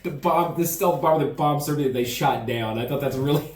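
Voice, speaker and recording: A man's voice: medium pitch, fairly quick. A man from the United States chatting animatedly in a casual vlog, laughing easily as he tells stories. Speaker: vlogger. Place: indoor room at home. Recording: echoey room, mic at a distance.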